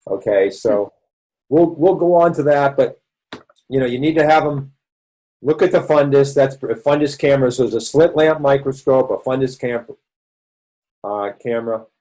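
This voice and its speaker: A man's voice: medium pitch, moderate pace, dark tone, rough recording. Rambling man lecturing on health. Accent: Boston. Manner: conversational, rambling explainer with restarts. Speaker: doctor presenting a health session. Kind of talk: online presentation lecture.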